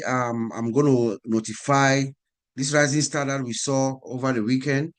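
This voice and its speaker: An emphatic man hosts an online group call, repeating his points for stress. His voice sits at an ordinary pitch for a man. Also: steady tone, moderate pace. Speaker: host of the call.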